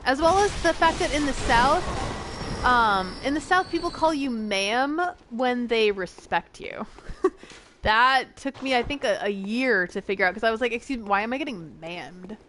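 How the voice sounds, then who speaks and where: A woman from the northern United States, a streamer chatting casually with viewers while playing a game, talking fast. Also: fairly high pitch, expressive, a bit bright, slight background noise.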